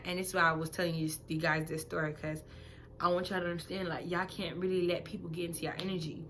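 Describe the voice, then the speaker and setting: A young woman who is five months pregnant rants through a story in a blunt, profane, animated vlog, lurching between loud outbursts and quiet asides. Her pitch is fairly low, and there's a little hiss or hum on the recording.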